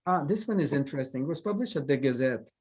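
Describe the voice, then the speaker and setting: A man's voice: a little high, animated, fast, darkish tone, husky. A man with a Québécois French accent, a cartoonist whose first language is French, talking casually over a video call, hesitant and full of fillers and restarts.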